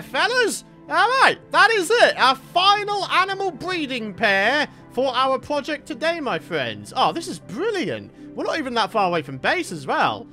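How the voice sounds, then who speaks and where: Lively, bright gaming commentator. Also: male voice, very high-pitched. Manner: chatty, playful, talks to the animals. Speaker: gaming YouTuber. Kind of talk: Minecraft let's-play commentary.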